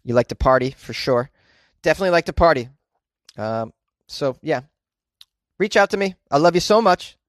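A man's voice: on the high side, normal speed, long pauses, no echo. Rambling, joking American man, dry close sound. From United States. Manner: joking, rambling, animated outbursts. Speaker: podcast host. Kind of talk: casual comedic monologue.

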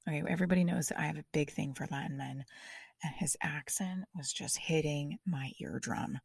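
Gravelly, husky woman trying out stand-up. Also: deep voice, brisk, darkish tone, no room sound, clean studio sound. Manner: chatty, self-deprecating, rambling with restarts. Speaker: comedian and podcast host. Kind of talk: stand-up comedy trial on a podcast.

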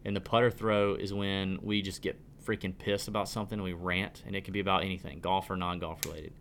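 Excitable male podcast host on a rant. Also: sits low, brisk, gravelly, a little hiss or hum. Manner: animated ranting, stumbling restarts. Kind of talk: casual podcast chat.

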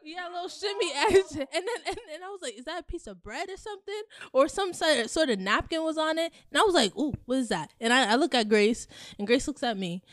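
A woman's voice: sits high, expressive, quick pace, no room sound, clean studio sound. A young woman, a resident assistant, telling her side of a story in casual podcast chat and acting out her own reactions. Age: young adult.

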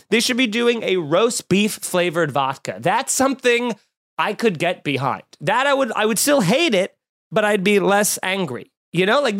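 Riffing, sarcastic male podcast host. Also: sits high. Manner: riffing, sarcastic, animated mock quotes. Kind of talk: casual comedic chat.

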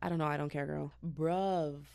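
A woman's voice: low-pitched, fairly even intonation, normal speed, vocal fry, a little mellow, clean tone, dry recording. A woman hosting a solo podcast, ranting in a slangy, exasperated casual way into a podcast mic. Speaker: podcast host.

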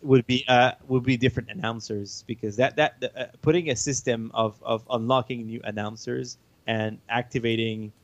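A man's voice: mid-range voice, steady tone, dry recording, lo-fi sound. French-native man, dry close sound. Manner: halting, explanatory, chuckles often. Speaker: game developer. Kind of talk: casual interview.

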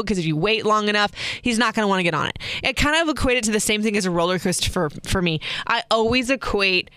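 A woman's voice: mid-range voice, quick pace, a bit bright, smooth, no room sound. A woman in her thirties hosting a casual solo podcast, telling a rambling story with frequent restarts. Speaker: podcast host.

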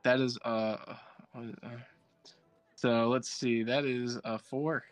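A man's voice: medium pitch, level tone, faint music behind. A man playing a tabletop game, joking playfully with his friends. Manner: playful, quick to joke. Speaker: player.

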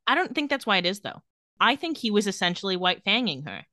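Woman podcast co-host retelling scenes with animated delivery, in a dry room. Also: mid-range voice, quick pace, no echo. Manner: animated retelling, acting out quoted lines. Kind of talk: casual recap chat.

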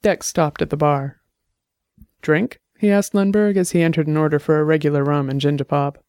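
A narrator reading a story aloud in a steady, measured way. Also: mid-range voice, clear, resonant tone, dry recording, studio quality. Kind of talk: scripted audiobook narration.

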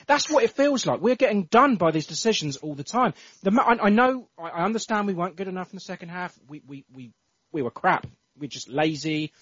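A man's voice: on the high side, fairly bright tone, breathy edge, dry recording. A man co-hosting a casual football podcast, ranting in exasperation and swearing often. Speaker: podcast co-host. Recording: dull lo-fi podcast audio.

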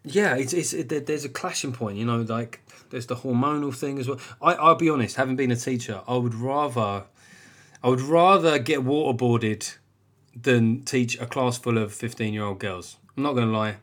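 A man's voice: moderate pace, a bit bright. A man in his forties hosting a podcast, talking bluntly and casually with lots of swearing and "right?" tag questions. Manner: restless pitch jumps when emphatic. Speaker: podcast host.

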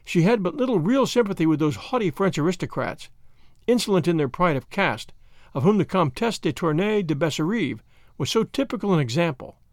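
Give me a man reading a classic novel aloud with a lively, expressive delivery. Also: sits high, brisk, no room sound, studio quality. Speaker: audiobook reader. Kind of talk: scripted narration of a classic novel.

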